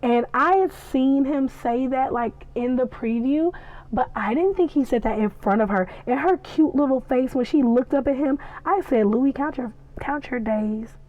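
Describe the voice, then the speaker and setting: Chatty, excitable woman reviewing a show. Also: sits high, normal speed, highs cut off. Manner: excitable, chatty, acts out the scenes. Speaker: podcast reviewer. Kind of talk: casual recap and reaction.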